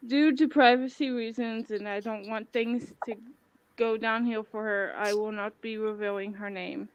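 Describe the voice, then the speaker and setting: A woman speaking in a hesitant, halting way during a casual livestream chat. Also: a little high, fairly even intonation, muffled recording, a little hiss or hum.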